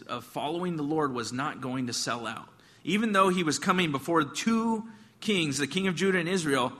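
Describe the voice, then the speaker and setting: A man preaching in a church hall with a bright, forceful voice. He talks to the congregation directly and keeps it conversational and emphatic. A long reverb trails each phrase. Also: a little high. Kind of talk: sermon retelling a Bible passage.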